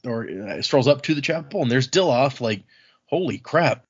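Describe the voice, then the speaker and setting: A man's voice: medium pitch, normal speed, breathy edge. A man recapping book chapters in casual podcast chat, acting out the characters' lines as he goes. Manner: animated retelling, acts out characters' lines. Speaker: podcast host retelling the chapters. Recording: slightly muffled lo-fi audio.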